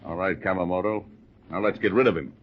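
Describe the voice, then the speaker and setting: A man's voice: deep voice, fast, natural voice. An actor playing a scheming man who faked his death, cool and sneering, in 1940s radio acting. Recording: dull noisy old radio recording.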